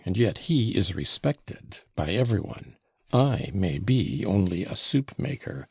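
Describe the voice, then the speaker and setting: A man's voice: deep voice, creaky, darkish tone, slightly rough, dry recording, clean studio sound, heavily acted. A man reading a sullen, proud young male servant who talks curtly and disdainfully in an audiobook. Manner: curt, disdainful.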